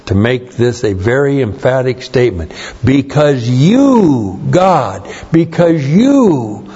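A middle-aged man preaching a sermon, slow and deliberate, leaning hard on key words. His voice sounds slightly strained, at an average pitch. The recording is dull and lo-fi. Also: a little mellow. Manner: slow, emphatic Bible teaching with repeated stresses. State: strained voice, coughing. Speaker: pastor.

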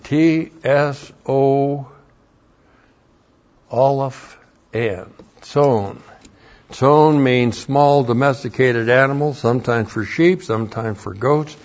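Man, Bible lecture, slow deliberate delivery, spells out words, dull lo-fi sound. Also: mid-range voice, darkish tone. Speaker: Bible teacher. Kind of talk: verse-by-verse lecture.

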